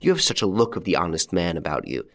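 A man reading a low, gravelly, mocking gentleman thief. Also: expressive, fast. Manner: jaunty, taunting, theatrical. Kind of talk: audiobook character reading.

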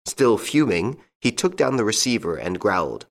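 A man reading a classic story aloud as an audiobook narrator, with expressive storytelling. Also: fairly low pitch, normal speed. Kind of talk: scripted narration.

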